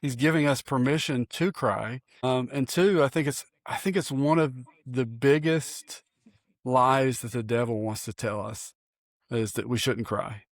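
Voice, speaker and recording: A man, a pastor co-hosting a podcast, talking in an earnest, folksy, animated way with frequent restarts. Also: mid-range voice, measured pace, no room sound, studio quality. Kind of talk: casual chat.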